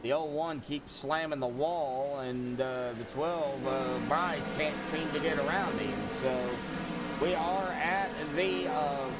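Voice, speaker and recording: A man giving casual play-by-play commentary on an online truck race, chatty and relaxed as he runs through the positions. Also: a little high. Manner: laid-back, chatty, calling positions. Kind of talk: casual sim-racing commentary. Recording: music playing loudly behind.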